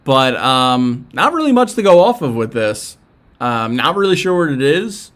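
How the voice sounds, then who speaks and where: A man's voice: medium pitch, big pitch swings, normal speed, a bit bright. A young man with a Philadelphia accent, chatting casually as a livestream host. He reads out viewer messages and answers them in a loose, rambling way, with lots of fillers and restarts. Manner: laid-back, rambling, with frequent fillers and restarts. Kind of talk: casual live-stream chat reacting to viewer messages.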